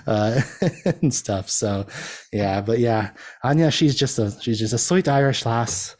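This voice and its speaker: A man's voice: medium pitch, measured pace, darkish tone. A man talking as a podcast guest in casual chat. He rambles, uses many fillers and laughs often.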